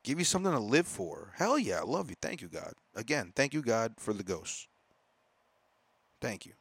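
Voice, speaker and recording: A man hosting a solo podcast as a comedian, talking in a profane, rambling, animated monologue. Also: mid-range voice, normal speed, vocal fry, breathy edge, no room sound. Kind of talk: casual monologue.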